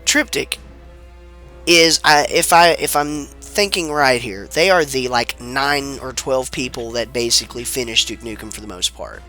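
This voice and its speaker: A man's voice: medium pitch, measured pace, sharp tone, soft background music. Laid-back man rambling over game credits. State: sounds sick. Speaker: let's play commentator. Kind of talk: rambling gameplay commentary.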